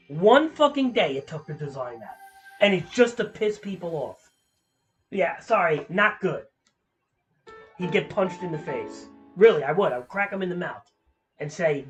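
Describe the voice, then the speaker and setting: A man's voice: fairly high pitch, animated, moderate pace, soft background music. A young man streaming a game, ranting with lots of swearing in frustration. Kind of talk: casual gameplay commentary.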